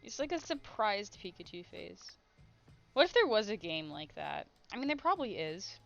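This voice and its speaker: A woman's voice: mid-range voice, big pitch swings, moderate pace, gravelly, muffled recording, soft background music. A woman streaming while she draws, chatting in a rambling, giggly way. She has a headache. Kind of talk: casual chat while drawing on stream.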